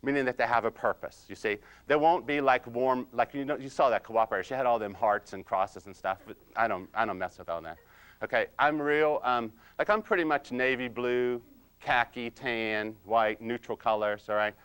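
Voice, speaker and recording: A man playing a quiet, precise, nerdy analyzer-type husband in comedic role-play, slow and hesitant with many ums and "you see?". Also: mid-range voice, clean tone, lightly acted. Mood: deadpan nerdy. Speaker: personality-styles trainer.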